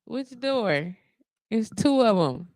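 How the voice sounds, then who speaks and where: Slow-talking woman radio host, dry sound. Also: a little high, big pitch swings, darkish tone, no echo. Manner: chatty, laughs often, coos baby talk to her dog. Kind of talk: casual live chat.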